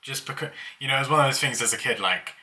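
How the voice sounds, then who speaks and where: A man's voice: mid-range voice, quick pace, bright, forceful tone. A young man casually telling childhood stories, laughing as he goes. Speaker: vlogger. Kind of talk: casual storytelling.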